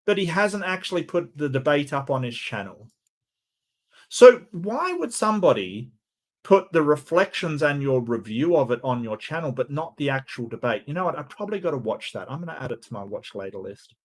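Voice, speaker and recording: A man with a somewhat high voice, hosting a debate review stream. He talks in casual commentary that turns sarcastic and animated, with laughing asides along the way. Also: fairly quick.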